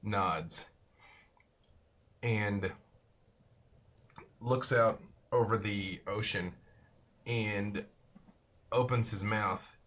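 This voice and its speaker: A man narrating a tabletop role-playing game as its dungeon master, loose and unhurried, often saying "sort of" and "like". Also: lowish voice, a bit bright.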